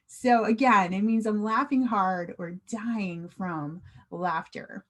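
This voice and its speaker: An American woman teaching English slang in an online class. She speaks clearly and asks the viewer questions. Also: medium pitch, a little slow, few pauses.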